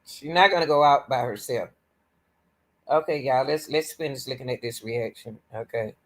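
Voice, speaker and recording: A woman's voice: moderate pace, low-quality recording. Exasperated woman reacting to viewers. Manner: animated and exasperated, addresses viewers as y'all, restarts and repeats herself; swings from loud emphatic bursts to low muttering. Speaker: reaction channel host. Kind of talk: reaction commentary vlog.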